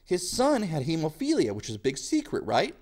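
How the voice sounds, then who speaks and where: A man's voice: fairly high pitch, wildly swooping pitch, fairly quick, darkish tone. A male history teacher giving a casual video lecture in a jokey style full of slang.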